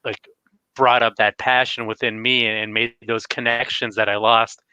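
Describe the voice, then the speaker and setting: A man's voice: medium pitch, flat delivery, normal speed, sharp tone, clear, resonant tone, no room sound, low-quality recording. A man in casual livestream chat about his collecting channel, rambling with lots of fillers and restarts. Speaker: retro collecting YouTuber.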